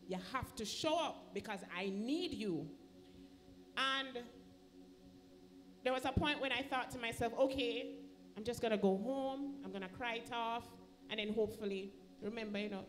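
Standing in a church sanctuary, a Jamaican-accented woman tells an emotional story from her own life, voicing its characters as she goes. She speaks at medium pitch, and there's a little hiss or hum on the recording.

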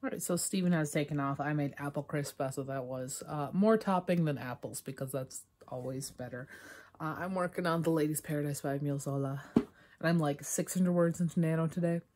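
A woman's voice: sits low, brisk, a little mellow, slight background noise. A woman in a casual, rambling vlog chat about her writing day, with many fillers. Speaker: writer vlogging her progress.

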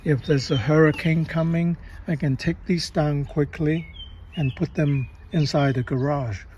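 A man talks through his home-built setup at a very slow, unhurried pace in a slightly high voice, stopping often with fillers. It is recorded partly outdoors, with faint ambience and birds behind him. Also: fairly even intonation, a little mellow, dull audio, a little hiss or hum. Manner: unhurried, plain-spoken, with pauses and fillers. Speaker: DIY video maker. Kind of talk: casual show-and-tell narration. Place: garage and yard, partly outdoors.

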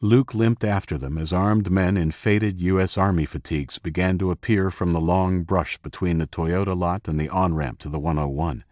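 A man narrating an audiobook in a steady, measured way on a close microphone. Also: low voice, no room sound. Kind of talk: scripted narration.

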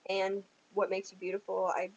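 Giggly husky girl with a Southern accent. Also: mid-range voice, monotone, normal speed, a little mellow, highs cut off. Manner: giggly, rambling with many ums. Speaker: vlogger. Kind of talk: casual chat.

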